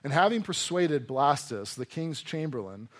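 A man preaching a sermon to a congregation in a conversational, animated way, often acting out voices as he reads and explains scripture. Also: a little high, moderate pace. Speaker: pastor. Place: church hall before a congregation.

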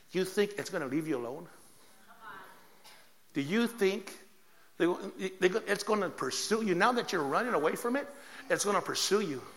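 A man preaching a sermon, telling a story with lively, laughing energy. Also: a little high, in a large hall, slight background noise. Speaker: pastor.

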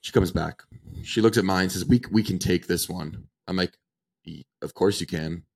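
Low and gravelly at a moderate pace, this twenty-something co-host spins a casual story on the podcast. He brings it to life by performing the voices and lines of its characters.

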